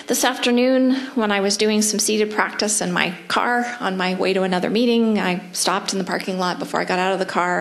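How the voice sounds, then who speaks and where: A middle-aged woman with a Canadian accent, a psychology professor giving a seminar talk, animated and playful, slowing to gentle guided breathing. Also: mid-range voice. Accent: Canadian English. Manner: lively, animated, acts out her inner voice; slows to soft, near-whispered guidance during breathing practice.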